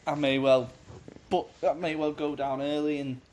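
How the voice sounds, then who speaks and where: An English man co-hosting a sports podcast, chatting casually in an excitable, gushing way. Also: a little high, moderate pace, slight background noise. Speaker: podcast co-host. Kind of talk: casual chat.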